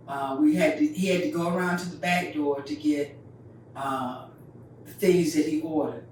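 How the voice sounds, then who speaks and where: A woman's voice: on the low side, a little mellow. An older woman from North Carolina, telling a story in a folksy, vivid way. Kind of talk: oral storytelling. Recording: very echoey, distant mic, faint noise.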